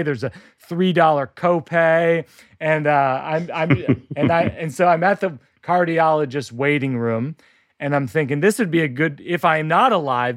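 Man, comic storyteller, deadpan and dry, slightly high voice, close dry sound. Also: dry recording. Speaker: comedian workshopping a story.

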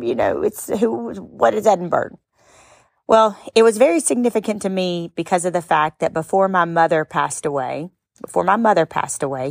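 A middle-aged woman hosting a podcast, telling a personal story in an expressive, sometimes tearful way that rises into high exclamations. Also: creaky, dry recording, clean studio sound. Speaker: podcast host and speaker. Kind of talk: emotional storytelling monologue.

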